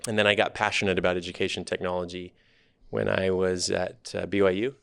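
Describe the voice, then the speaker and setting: A man in his thirties with a very low, gravelly voice and a flat, even delivery, recorded dry and close. He is a startup CEO telling his story in a podcast interview, relaxed and candid. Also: fairly quick, no echo.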